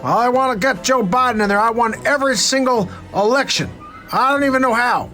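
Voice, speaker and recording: A man's voice: very high voice, brisk, music in the background. A man putting on impressions of two older male politicians in a comic debate clip, full of rambling banter.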